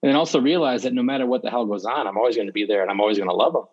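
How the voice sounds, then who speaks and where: A man speaking as a podcast guest, telling stories in a blunt, profane, animated way. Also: medium pitch, very fast, slightly rough, highs cut off. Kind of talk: casual conversational interview.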